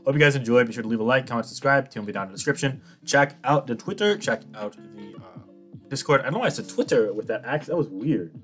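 A man's voice: mid-range voice, very fast, fairly bright tone, faint music behind. A young man giving casual, cocky commentary on his online game, teasing his opponent and laughing often. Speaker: gaming YouTuber.

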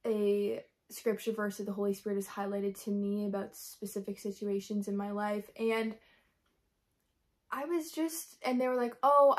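A young woman talking candidly in a devotional vlog, earnest and rambling, acting out her own prayers as she speaks. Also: medium pitch. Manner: earnest, rambling, full of fillers and quoted prayers. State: frustrated but hopeful. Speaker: Christian vlogger.

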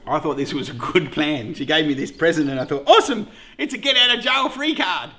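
A middle-aged Australian man with a high, bright voice hosts a casual vlog. He jokes around, gets excited easily and swears without a second thought. His pitch swings up and down a lot as he talks. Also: brisk. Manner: jokey, excitable, swears freely. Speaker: beekeeper host.

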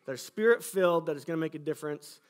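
In a school cafeteria, a Michigan pastor delivers a sermon testimony, earnestly recounting his church's story and acting out conversations. His voice runs on the high side, animated and fast.

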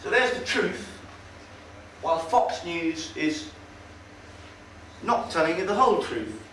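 A man's voice: fairly high pitch, expressive, slow pace, fairly bright tone. A man giving a casual, sardonic talk to an audience in a meeting hall. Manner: conversational, sardonic, hesitant with fillers. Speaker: speaker at a public talk. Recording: roomy hall, far from mic, faint noise.

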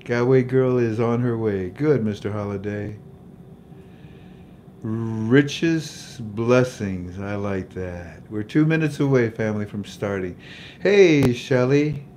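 A man's voice: on the low side, takes it slowly, darkish tone, slight background noise. An older man hosting a faith-based livestream. He greets viewers by name in a jovial, chatty way, laughs at his own jokes and leads a prayer. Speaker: livestream host. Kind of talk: casual livestream chat and prayer.

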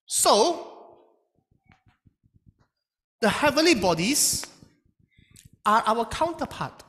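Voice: medium pitch, very animated, drawn-out words, fairly bright tone, big-room sound. A Bible teacher giving a lecture, speaking emphatically and asking rhetorical questions, often with a tag question like "right?" at the end.

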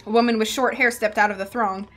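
A woman's voice: on the high side, steady tone, quick pace, a bit bright, faint music behind. A woman live-streaming a book reading, narrating plainly and breaking off for chatty, giggly asides.

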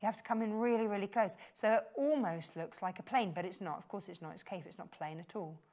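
A woman fronts a live shopping-channel segment from a TV studio. She talks in a gushing, enthusiastic way and keeps repeating her words of praise. Her pitch sits at a middling level for a woman. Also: fast, darkish tone. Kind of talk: live on-air sales pitch.

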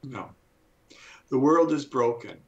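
A man in his seventies, a guest speaker on a talk show, explaining in an earnest, teacherly way and slowing down to stress his points. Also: mid-range voice, muffled recording. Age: 70s.

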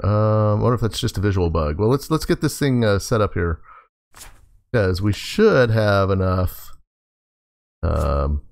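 A man talking through his game session in an easy, chatty way, stopping to coax and greet the animals he finds. His low voice has a gravelly grain. His pitch swings widely as he reacts. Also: darkish tone. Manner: chatty, talks to game animals, laughs often. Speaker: gaming host. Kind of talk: casual let's play commentary.

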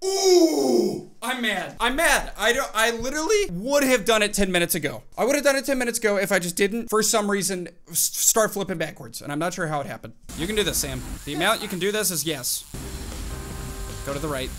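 A man's voice: sits high, animated, quick pace, a bit bright, poor audio. A young man hosting a gaming channel, talking to himself through his gameplay in casual commentary, swinging between groans and cheers. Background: game music.

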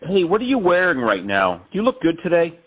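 A man's voice: a little high, wildly swooping pitch, a little fast, breathy edge. Man teasing over a thin phone line. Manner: mock romantic, teasing. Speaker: prank caller. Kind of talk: prank phone call.

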